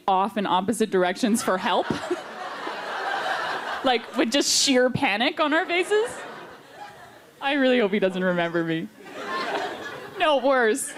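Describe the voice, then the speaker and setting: A woman's voice: a little high, background noise. A woman telling a self-mocking story on a convention panel, chatty and laughing often, into a handheld mic. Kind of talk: casual anecdote telling.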